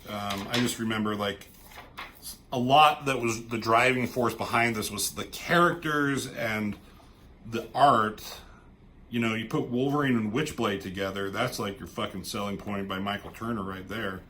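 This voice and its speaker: A man's voice: lowish voice, moderate pace, sharp tone, a little hiss or hum. A man reviewing a comic book in casual, rambling chat, swearing offhandedly and trailing off into asides.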